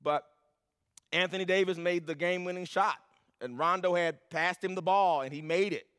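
A man's voice: high voice, fairly even intonation, normal speed, fairly bright tone, clear, resonant tone, in a large hall. A man preaching a sermon as pastor, building to emphatic, repeated lines.

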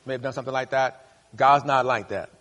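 A male pastor preaching a sermon, leading the congregation in call-and-response and rising to loud, high bursts. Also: steady tone, brisk. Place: church sanctuary. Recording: long hall reverb.

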